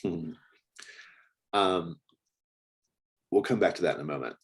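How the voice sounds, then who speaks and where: A man's voice: low-pitched, unhurried, breathy edge. A man narrating as game master of a tabletop game, describing scenes in a hesitant way with many fillers.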